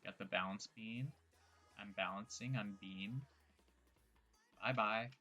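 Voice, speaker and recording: Soft background music accompanies a young gameplay streamer who rambles through casual commentary, cracking jokes and making fun of what he just said. He speaks a little slowly, with a lowish voice and a sharp tone.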